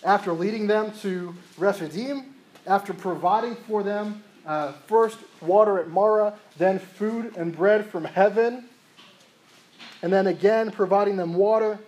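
A man's voice: high voice, darkish tone, low-quality recording. A man preaching an expository sermon, reading verses aloud and then explaining them, often asking a rhetorical question and answering it himself. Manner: reads verses aloud between plain explanation.

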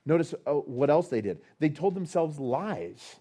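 A fairly high-voiced man preaching a sermon. He builds to loud, emphatic stretches, then sinks to quiet, drawn-out appeals to his listeners. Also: big pitch swings, husky.

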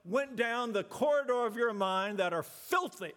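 A man pastor giving an earnest, measured sermon, repeating key phrases and slowing down for emphasis. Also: very high voice, animated, fairly bright tone. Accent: Southern US.

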